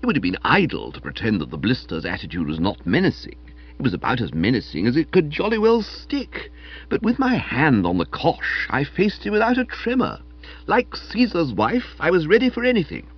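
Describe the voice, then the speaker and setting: Animated man narrating a comic novel. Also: mid-range voice, brisk, slightly rough. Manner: animated, wry storytelling, characterful quotes. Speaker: audiobook reader. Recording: dull lo-fi recording.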